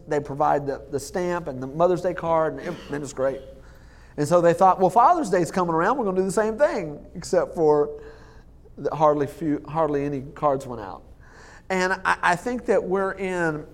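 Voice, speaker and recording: A man preaching a sermon as lead pastor, joking and laughing at his own jokes, halting with many fillers and restarts. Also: fairly high pitch.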